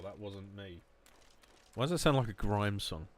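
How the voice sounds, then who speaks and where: A man's voice: on the low side, normal speed. A man with an Essex accent, rambling and swearing in a jokey way while streaming a shooter game. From England. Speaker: gaming streamer. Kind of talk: casual livestream commentary. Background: game gunfire.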